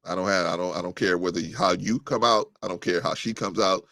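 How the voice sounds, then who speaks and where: This livestream host's gravelly, low voice has a sharp, steady tone and a brisk pace, captured in a dry recording. He reads viewers' comments aloud during his live talk show and responds bluntly and combatively, with lots of restarts and fillers, rising sharply once he's heated.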